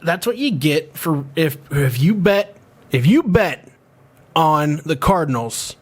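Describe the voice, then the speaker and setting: Chatty higher-voiced male podcast host. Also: animated, slow, breathy edge. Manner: rambling, restarts often, laughs easily. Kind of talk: casual chat.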